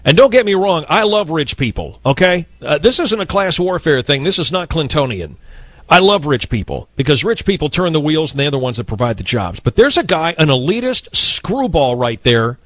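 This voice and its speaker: A man hosting a talk radio show delivers a fiery, blunt rant in a high, lively voice. His tone swings widely and stays emphatic and indignant throughout. The sound is dry and close, straight from the studio mic. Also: moderate pace, no echo.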